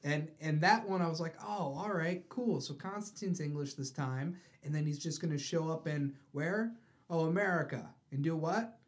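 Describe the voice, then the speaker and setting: A man in casual chat, retelling a comic story with quick put-on voices for each character. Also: on the high side.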